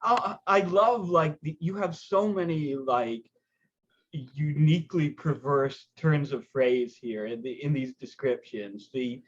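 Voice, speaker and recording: Excitable man hosting a reading. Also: fairly high pitch, slow, dull audio, slight background noise. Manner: enthusiastic, swears freely, laughs often. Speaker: host of a reading series. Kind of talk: casual chat.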